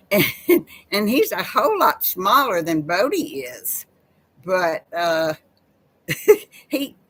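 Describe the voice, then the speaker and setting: A woman chats folksily with viewers on a live stream. She takes her time, with an easy, drawn-out pace. Her talk is homey and personal. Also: mid-range voice, fairly bright tone, rough recording. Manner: folksy, chatty, addresses viewers as y'all. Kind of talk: casual live chat.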